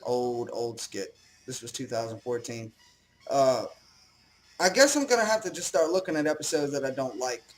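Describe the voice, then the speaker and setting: A man's voice: mid-range voice, lively intonation, moderate pace, soft background music, poor audio. A young man rambling casually as host of his own commentary, swearing and joking at himself.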